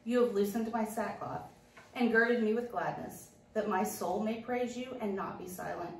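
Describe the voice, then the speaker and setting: A woman's voice: medium pitch, normal speed, vocal fry. Woman reading a psalm in a church. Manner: lifts her voice on the invocations. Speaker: psalm reader. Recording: echoey church from far off.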